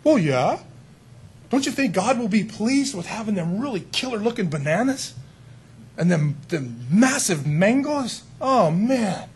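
A man voicing the enemy as a sly male tempter, coaxing in a hushed, raspy voice. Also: sits high, very animated, a little slow, slight background noise. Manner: smooth-talking, coaxing, hushed.

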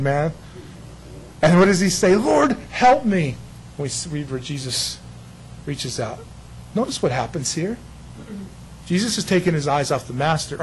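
A man preaches with a slightly raised pitch, acting out the story. He swings from near-whispers to loud, emphatic bursts. Faint room ambience sits behind him. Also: a little hiss or hum, poor audio. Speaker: pastor. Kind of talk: sermon.

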